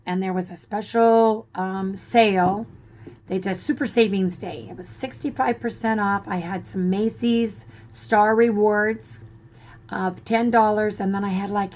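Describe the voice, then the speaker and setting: A woman's voice: medium pitch, low-quality recording. Chatty woman getting her voice back. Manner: chatty, rambling, drifts into asides. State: recovering from hoarseness. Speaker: vlogger. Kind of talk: casual chat to camera.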